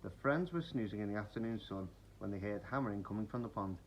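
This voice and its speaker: Animated man reading a bedtime story. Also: on the low side, fast, hardly any pauses, slight background noise, poor audio. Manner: animated, expressive. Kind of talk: bedtime picture-book reading.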